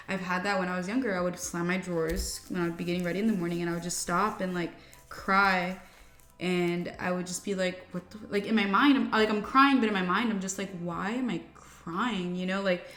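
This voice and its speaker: A woman in her twenties chatting casually while getting ready, candid and rambling with many fillers and restarts. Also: on the low side. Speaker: beauty vlogger. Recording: echoey room with faint music.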